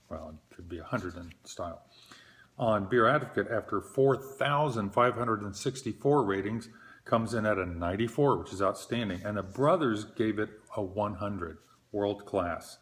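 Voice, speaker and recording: Middle-aged guy doing a solo beer review, lowish voice, slow and hesitant, lots of ums and uhs. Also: fairly bright tone. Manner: unhurried, hesitant, many fillers, self-deprecating. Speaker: beer reviewer, show host.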